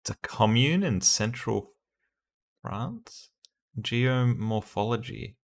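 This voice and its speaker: A man's voice: mid-range voice, animated, slow, vocal fry. A man hosting a casual livestream, chatty, thinking aloud and laughing often as he plays word games. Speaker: streamer and host.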